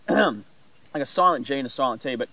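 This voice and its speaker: A man casually explaining animal calls in a rambling, relaxed way with lots of fillers. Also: mid-range voice, normal speed, background noise. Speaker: bushcraft vlogger.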